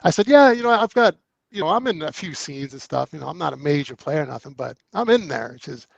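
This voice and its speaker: Lively gravelly man telling stories. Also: fairly high pitch, fast, dry recording, muffled recording. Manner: animated, acts out both sides of conversations, laughs often. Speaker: actor guest. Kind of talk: casual storytelling.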